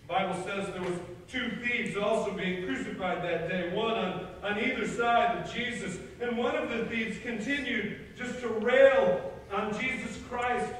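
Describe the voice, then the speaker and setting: An American man preaching an Easter sermon, retelling the scripture dramatically and giving quoted lines loud outbursts. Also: high-pitched, a little hiss or hum. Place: church sanctuary. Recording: echoey hall, far from the mic.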